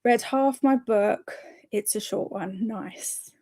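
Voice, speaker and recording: This woman hosts a reading-sprint livestream, chatting casually, reading viewer comments aloud and cheering people on with lots of small laughs. Her voice sits at a medium pitch, slightly mellow, and she takes her time.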